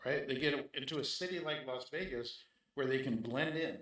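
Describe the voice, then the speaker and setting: A man's voice: medium pitch, moderate pace, fairly bright tone. A man speaking in a casual interview as a guest, making his points emphatically and checking in with "right?". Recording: very echoey room.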